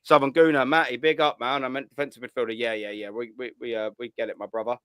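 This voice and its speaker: A man's voice: medium pitch, level tone, quick pace, pushed and bright, clear, resonant tone, no room sound. A man, hosting a casual call-in chat with blunt, sweary banter. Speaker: host.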